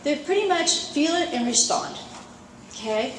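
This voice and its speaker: A middle-aged woman coach teaching a live seminar at a horse expo, chatty and lively, acting out her inner thoughts. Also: high-pitched, a little slow, slight background noise. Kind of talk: live talk to an audience. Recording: roomy echo, faint ambience.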